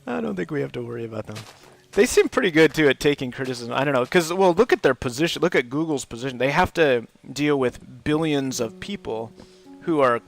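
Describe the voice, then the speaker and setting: Gravelly, chatty man streaming a game. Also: medium pitch, lively intonation, a little fast. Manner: rambling, chatty, laughs often, many fillers like "like". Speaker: livestream host, English teacher. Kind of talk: casual chat while gaming.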